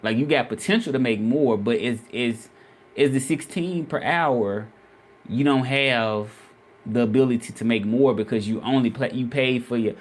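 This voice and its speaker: A man's voice: medium pitch, normal speed. A man from Memphis with a Southern accent, chatting casually on a livestream and repeating his questions to viewers. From Memphis, Tennessee. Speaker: vlogger and freelance Spanish interpreter.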